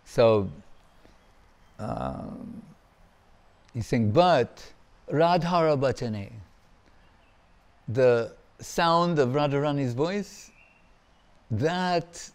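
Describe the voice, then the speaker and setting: A man giving a devotional lecture as a monk, telling scripture stories in an animated way and acting out the quotes. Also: a little high, slow, pauses often. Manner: animated storyteller, acts out quotes with laughter. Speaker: monk giving a spiritual discourse.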